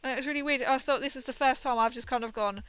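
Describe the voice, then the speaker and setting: A woman's voice: high voice, steady tone, very fast, a bit bright, clear, resonant tone. A young woman chatting casually on her livestream, giggling often and dropping her consonants. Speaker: streamer. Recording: muffled stream audio with faint music.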